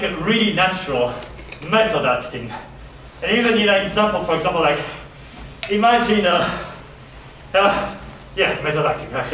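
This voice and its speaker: A man's voice: sits high, a bit bright, slight background noise. Man, rambling panel speaker, slightly raised voice, distant mic in a reverberant hall. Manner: rambling with many fillers, acting out bits. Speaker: convention panelist. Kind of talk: casual panel talk demonstrating acting reference. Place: large convention hall. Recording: echoey hall from far off.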